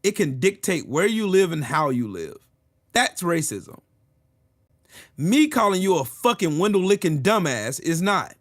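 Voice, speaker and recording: A combative man ranting straight to his audience, cursing freely and mocking his critics. His voice sits a little high for a man and swings widely in pitch as he hammers each point. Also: a bit bright. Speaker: channel host. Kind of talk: ranting commentary.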